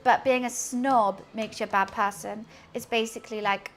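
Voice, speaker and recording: A woman's voice: a little high, fairly even intonation, normal speed, slight background noise. A young woman, chatting casually and giggling as she answers her live-stream chat while cooking in her home kitchen.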